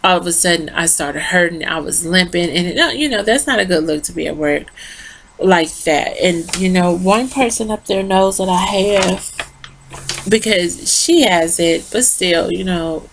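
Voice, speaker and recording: A woman's voice: on the low side, a little slow. A tired woman rambling through a casual lipstick review into her phone, talking straight to her viewers. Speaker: beauty vlogger.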